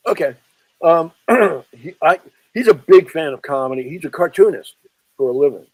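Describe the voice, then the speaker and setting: Man, interview guest, chatty storyteller, fairly high voice, dry close sound. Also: normal speed, no echo, poor audio. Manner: chatty, animated storyteller who quotes people in lowered voices. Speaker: author and film historian guest.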